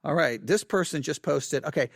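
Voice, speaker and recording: A man with a notably high voice, recorded close and dry, works through viewer comments out loud. He talks in an animated, exasperated way, stumbling and restarting often. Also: normal speed, vocal fry, dry recording. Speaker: channel host answering viewer comments. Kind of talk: casual commentary reading comments aloud.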